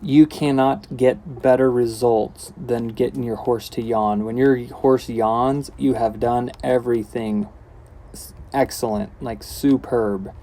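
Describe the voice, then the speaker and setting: Calm man talking through a training session. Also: medium pitch, slow pace, slight background noise. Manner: calm, relaxed explaining with casual asides. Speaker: horse trainer. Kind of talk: instructional commentary while working.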